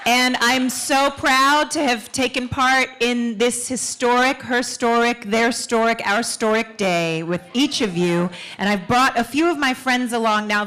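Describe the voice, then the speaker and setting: A woman performer from Queens, New York, speaking to an audience from a stage in an excited, animated way with quick asides. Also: fairly high pitch, poor audio. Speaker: actor and performer. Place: stage at a town hall event.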